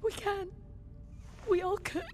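A woman's voice: extremely high pitch, level tone, slow pace, a little mellow. An actress playing a frightened but determined female engineer in a game, speaking urgently and pleading. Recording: game audio with noise.

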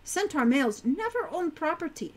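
A woman's voice: high-pitched, big pitch swings, normal speed, pitched above the performer's own voice. A woman voicing a prim fourteen-year-old centaur farm girl who talks formally and avoids contractions.

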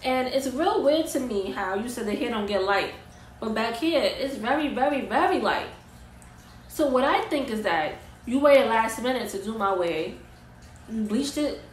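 A young woman rants through a storytime vlog, heated, profane and emphatic. Her voice sits slightly high. The room is echoey, with faint ambient noise behind her. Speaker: vlogger and wig maker. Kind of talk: storytime rant.

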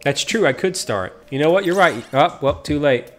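A man's voice: on the high side, expressive, normal speed, faint music behind. A man streaming online matches with viewers, chatting casually and greeting and teasing them by name. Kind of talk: casual live-stream chat.

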